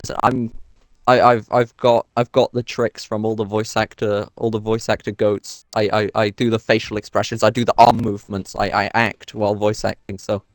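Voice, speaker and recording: A man chatting on a game stream, halting and self-deprecating as he rambles through explanations. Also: fairly low pitch, level tone, dry recording, studio quality. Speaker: co-player on stream. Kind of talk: casual gaming chat.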